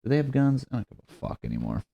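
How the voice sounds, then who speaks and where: A man's voice: medium pitch, wildly swooping pitch, racing, creaky, dark tone, no room sound, muffled recording. A young man hosting a solo comedy podcast, crude, sarcastic and self-mocking as he rambles. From United States. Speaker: podcast host.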